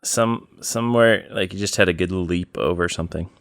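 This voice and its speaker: Low, smooth-voiced man telling stories. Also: a bit bright, no echo, clean studio sound. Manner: plain, unhurried storytelling with many fillers. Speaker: podcast co-host. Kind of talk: casual chat.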